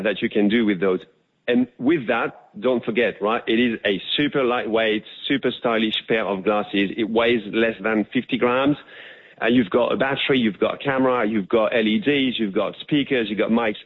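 A man's voice: moderate pace, breathy edge. French-accented man on a phone line. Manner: earnest, pitching with fillers. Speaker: tech company guest. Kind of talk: phone interview.

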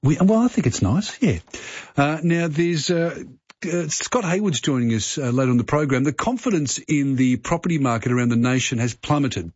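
A man's voice: medium pitch, expressive, moderate pace, darkish tone, no room sound, dull audio. A man with an Australian accent, hosting a radio show and chatting casually with a caller. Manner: chatty, repeats himself. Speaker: radio host.

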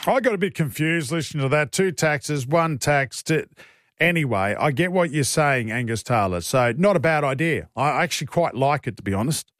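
A man's voice: fairly high pitch, lively intonation, moderate pace, a bit bright, dry recording, studio quality. A man hosting breakfast talkback radio, chatty, opinionated and joking.

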